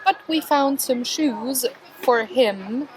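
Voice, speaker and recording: A woman's voice: a little high, takes it slowly, a little hiss or hum, poor audio. A woman vlogging in a casual, chatty way at an outdoor flea market, talking to the camera she holds and laughing easily. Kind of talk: casual chat.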